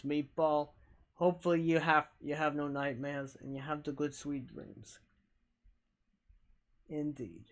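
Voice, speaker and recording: A man streaming live, chatting casually with viewers in a halting, self-deprecating, rambling way. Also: a little high, a bit bright.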